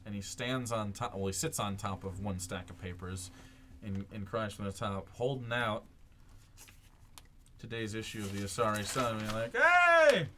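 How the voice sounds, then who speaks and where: A man's voice: fairly low pitch, fairly bright tone. A man narrating a tabletop game as game master, laid-back and full of filler words.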